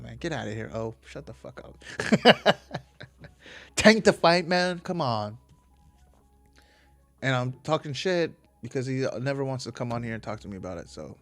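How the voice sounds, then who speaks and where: A man hosting a casual solo podcast, rambling from tangent to tangent and swearing freely. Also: mid-range voice. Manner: rambling, profane, digressive. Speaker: podcast host.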